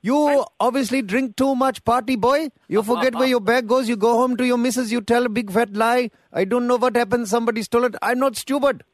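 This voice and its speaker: A man's voice: sits high, normal speed, dry recording, voice pushed up, lightly acted. A man playing a pushy, crude restaurant owner who haggles over a lost bag on a radio prank call. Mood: brash threatening. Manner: haggling, blunt, crude threats. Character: pushy male restaurant owner demanding a reward. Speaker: prank caller.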